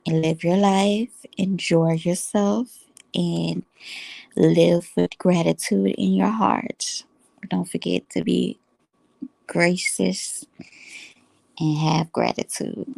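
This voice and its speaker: A woman vlogger, wrapping up her video in a slow, rambling way full of fillers. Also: lowish voice, gravelly, a little mellow, dry recording. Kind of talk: casual vlog outro.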